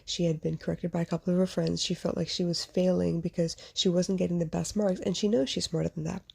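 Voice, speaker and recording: A woman's voice: fairly low pitch, fairly even intonation, fast talker, creaky, a little mellow, slightly rough. A woman hosting a podcast, telling a personal story in an earnest, reflective way and speaking straight to the listener. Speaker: podcast host; mother and small business owner.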